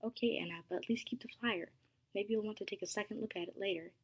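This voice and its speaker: A woman voicing a patient female school teacher who gently coaxes a shy student. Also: medium pitch, quick pace, slightly rough, lo-fi sound. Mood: resigned. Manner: gentle, coaxing.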